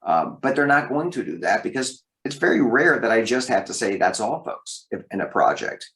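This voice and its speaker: A man with a fairly low voice tells career stories as an interview guest. He talks in a lively way and jumps up in pitch to land a point. The recording has a roomy echo. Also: moderate pace. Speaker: voice actor guest. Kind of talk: interview storytelling.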